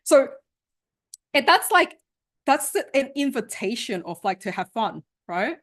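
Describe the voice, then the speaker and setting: A woman's voice: high voice, a little slow. A woman coach teaching an interactive online workshop, talking casually, often checking in with "right?" and laughing, heard over a video call. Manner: animated, conversational, often asks "right?" and laughs. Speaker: sales and communication coach.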